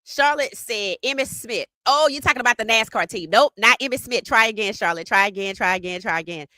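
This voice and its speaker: A woman hosting a casual live sports podcast, talking in an animated, teasing way and greeting chat viewers by name. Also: medium pitch, brisk, noisy background.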